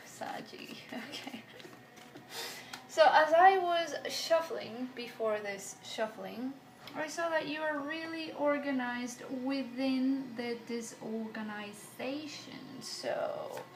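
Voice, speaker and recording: A woman's voice: high voice, slight background noise. A woman giving a casual tarot reading, chatty and rambling, swearing now and then and drifting between accents. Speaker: tarot reader. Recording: echoey room with faint ambience.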